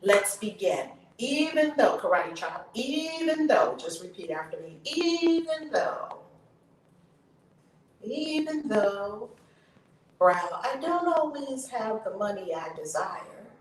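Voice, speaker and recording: Woman, guided tapping coach, drawn-out breathy affirmations, faint background noise. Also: a little high, big pitch swings. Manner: slow drawn-out chanted affirmations, breathy and emphatic. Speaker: YouTube host leading a tapping session. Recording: echoey room, distant mic, faint noise.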